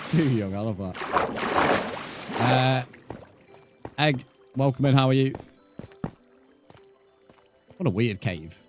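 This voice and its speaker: A man's voice: mid-range voice, expressive, takes it slowly, pauses often, over music. A young man streaming, chatting casually with viewers, swearing freely and calling them mate. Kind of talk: casual live-stream chat.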